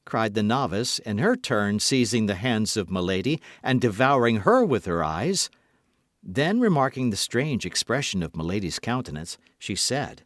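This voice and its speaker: Guy reading an old novel aloud, really lively pitch, dry close sound. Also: normal speed, no echo. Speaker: audiobook narrator. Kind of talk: scripted narration.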